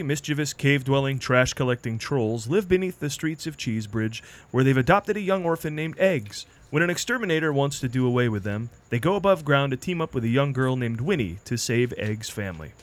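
A male movie podcast host leads a loose, casual chat and a party word game. His pitch swings a lot, and his speech is full of quick restarts. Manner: animated, stumbling restarts.

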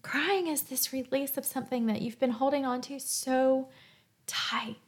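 A woman with a fairly high voice gives a heartfelt faith talk as host. She is earnest and emotional, reflecting aloud in a soft, gentle way, like she's telling a story to kids. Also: measured pace. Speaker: podcast host.

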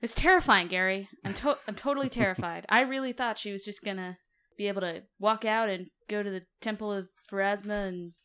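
A woman playing a tabletop game, telling her character's story in an animated, expressive way. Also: medium pitch, a little fast, hardly any pauses, smooth. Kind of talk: casual chat and role-play storytelling.

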